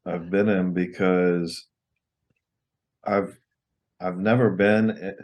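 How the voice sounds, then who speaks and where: Man, very low voice, hesitant and halting, dry wit; podcast co-host. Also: fairly even intonation, darkish tone. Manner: halting, restarts often, dry humor. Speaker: co-host and partner. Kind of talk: casual chat.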